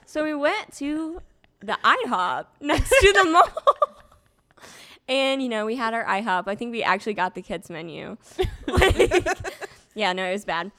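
A woman's voice: on the high side, very animated, measured pace, pushed and bright. A young adult woman in casual chat, telling a story and laughing often.

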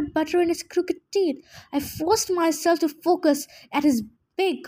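A woman reading a first-person storybook aloud with expressive, lively narration. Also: sits high. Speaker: reader.

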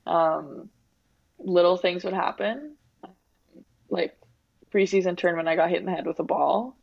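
A woman athlete in her twenties, from Winnipeg, Canada, talks candidly as an interview guest. Her low voice is creaky and husky at a moderate pace, her tone open and reflective with many "like"s and "um"s, and the dull, dry lo-fi audio has no echo.

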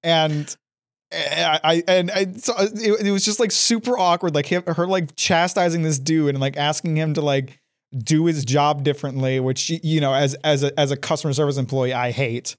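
A man chatting casually, his voice sitting a bit on the high side. He tells a story with constant stammered restarts and casual swearing. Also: moderate pace. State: out of breath after running up stairs. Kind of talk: casual chat.

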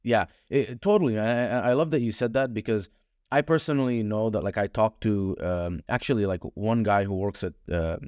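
Casting: blunt, lively man guest, lowish voice, dry close mic. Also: moderate pace, no echo. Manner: animated, frank, swears casually, many fillers. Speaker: podcast guest, advertising consultant. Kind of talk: casual conversational interview.

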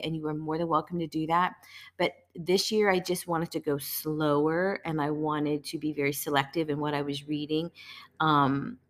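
Earnest woman host, low-pitched. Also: a bit bright. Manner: earnest, emphatic, repeats phrases. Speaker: host of a devotional show. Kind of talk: casual devotional talk.

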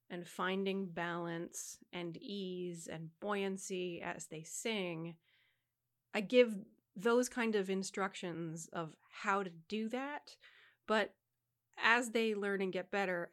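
Woman co-host, voice-teacher manner, frank and instructive, casual chat. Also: medium pitch. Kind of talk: casual conversation.

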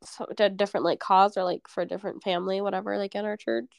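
A woman's voice: medium pitch, level tone, fast talker, creaky, no room sound, studio quality. A young woman co-hosting a podcast in casual chat, talking freely with plenty of "like" fillers. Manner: chatty, lots of "like" fillers. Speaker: podcast co-host.

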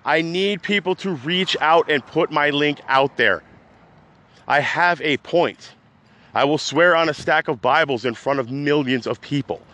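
Agitated rambling man ranting. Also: unhurried. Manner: agitated, rambling, swings between loud outbursts and low mutters. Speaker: podcast host. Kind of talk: unscripted rant.

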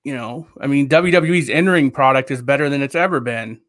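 A man's voice: mid-range voice, a little fast, fairly bright tone, no room sound, studio quality. A man co-hosting a podcast in casual chat, rambling and hedging with lots of fillers. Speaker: podcast co-host.

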